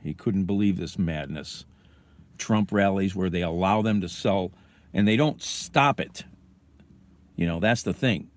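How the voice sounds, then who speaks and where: Sitting in his car during a casual livestream, a man delivers an angry, profanity-filled rant and then fumbles with his phone. He has a low voice and speaks at a measured pace.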